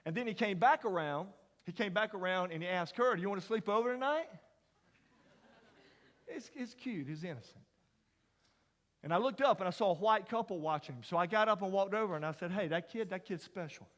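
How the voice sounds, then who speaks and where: A middle-aged man preaches by telling a story, his voice pitched fairly high for a man. He slips from hushed asides into loud, ringing emphasis. The sound carries a long reverb from a large chapel hall. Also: animated, brisk. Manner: folksy, dramatic storyteller, drops to whispers and rises to near shouts. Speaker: chapel speaker. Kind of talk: storytelling sermon.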